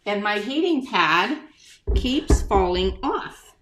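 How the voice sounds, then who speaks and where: An older woman hosts a relaxed live stream for her craft shop. She talks at an unhurried, slow pace in a chatty way, greeting viewers by name and answering their comments as they come in. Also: medium pitch. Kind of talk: casual live-stream chat.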